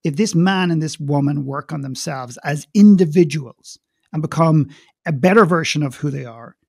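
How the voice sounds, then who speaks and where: A man who is a guest speaker and coach, telling a story in conversation in an animated way and repeating words when wound up. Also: fairly high pitch, moderate pace, gravelly, breathy edge, dry recording, studio quality.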